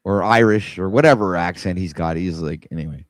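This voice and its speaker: A man's voice: sits low, fairly quick, no echo. A man hosting a casual livestream, rambling in an exasperated way and talking to his viewers while he scrolls. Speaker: livestream host.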